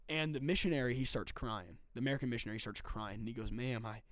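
A man's voice: medium pitch, fast, no echo. A man co-hosting a casual faith podcast, telling a story emphatically with repetition and swings in intensity.

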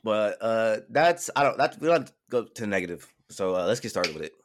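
Fast-talking, low-voiced man telling a story. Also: noisy background. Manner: animated storytelling, swears freely. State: getting over a cold. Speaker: podcast co-host. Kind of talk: casual chat.

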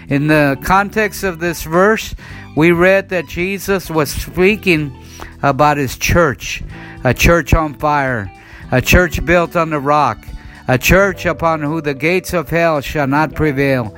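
A man's voice: fairly high pitch, slow, fairly bright tone. A man from the United States preaching a sermon, telling a personal testimony in an earnest storytelling way with many "and, uh" restarts. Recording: faint guitar music behind.

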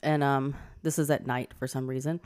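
A woman co-host with a low voice recapping a film's plot. She keeps it casual and blunt, swearing freely as she goes. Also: little pitch movement, normal speed, a little mellow, clean tone. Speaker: podcast co-host. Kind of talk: casual movie recap chat.

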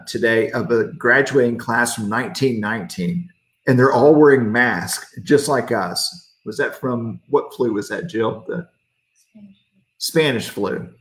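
A man's voice: mid-range voice, unhurried, echoey room. A middle-aged man giving a casual midweek devotional as a pastor, joking in a folksy way and reading out viewer comments.

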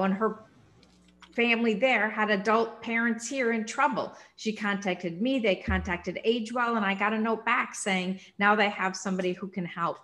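A woman's voice: medium pitch, slight background noise. Upbeat Minnesotan woman. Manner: energetic, smiling, upbeat. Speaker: nonprofit CEO, podcast guest. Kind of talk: conversational interview.

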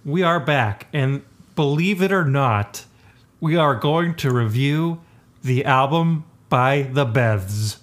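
A man's voice: medium pitch, animated, slow pace. Joking, rambling male podcast co-host. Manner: joking, rambling, laughs often. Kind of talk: casual chat.

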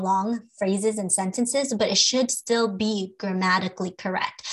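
A woman hosting a podcast as a speech-language pathologist, explaining language development to parents in a casual, advice-giving way with some fillers. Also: mid-range voice.

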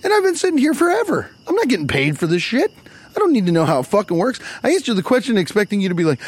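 A man's voice: sits high, big pitch swings, fast talker. A man telling a profane, exasperated comedy story, acting out the people he quotes. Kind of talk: stand-up storytelling.

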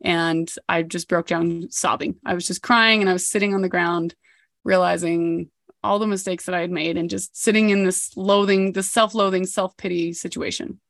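A woman's voice: lowish voice, steady tone, moderate pace, creaky, no room sound, studio quality. A woman in her thirties hosting a podcast, telling a personal story in a candid, reflective way. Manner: candid and reflective, with occasional laughs. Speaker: podcast host.

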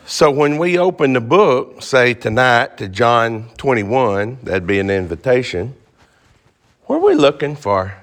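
A man's voice: mid-range voice, sing-song, a little slow, a bit bright. A man teaching an interactive Bible class, joking and asking the class questions.

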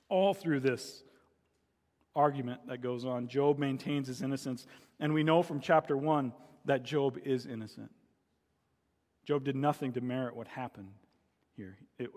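A man's voice: mid-range voice, unhurried, pauses often, a little mellow, big-room sound. A male pastor preaching a sermon and telling a story, his voice climbing into dramatic cries when he voices the pleas of the people in it.

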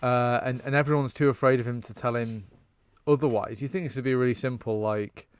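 A man's voice: medium pitch, fairly even intonation, brisk, smooth. A man co-hosting a podcast, chatting casually about a film, swearing freely and laughing often. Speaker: podcast co-host.

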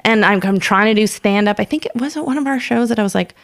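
A woman in her thirties, a stand-up comedian, telling stories in casual chat and acting out quoted voices with big swings in pitch. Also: fast. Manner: animated storyteller, acts out quotes with big pitch jumps.

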